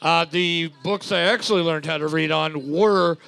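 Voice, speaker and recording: Gravelly man co-hosting bar trivia, dry close sound, wisecracking, a bit high. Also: fairly even intonation, moderate pace, no room sound. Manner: wisecracking, loud when scoring. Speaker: trivia night co-host.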